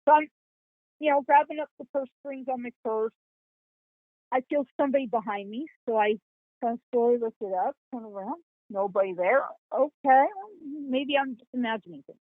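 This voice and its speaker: A woman, a psychic guest on a podcast, telling a story in an animated, folksy way, acting out quoted dialogue. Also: fairly high pitch, normal speed, no room sound. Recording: tinny, phone-like line.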